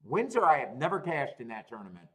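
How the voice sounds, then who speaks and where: A man's voice: mid-range voice, very animated, quick pace, pushed and bright, breathy edge. A man in his thirties hosting a live stream, chatting casually, swearing freely and rambling with frequent laughs. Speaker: host of a live streaming show. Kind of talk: casual chat reading live chat.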